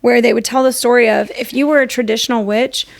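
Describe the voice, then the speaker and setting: A woman's voice: fairly high pitch, steady tone, fast, creaky, no room sound. A woman co-hosting a podcast in casual chat, blunt and emphatic, swearing freely. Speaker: podcast co-host.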